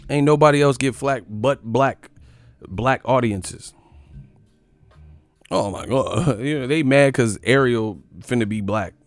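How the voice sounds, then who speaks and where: A man hosting a boxing live stream, ranting in a profane, animated way and sometimes mocking others in put-on voices. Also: mid-range voice, gravelly, no room sound. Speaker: boxing channel host.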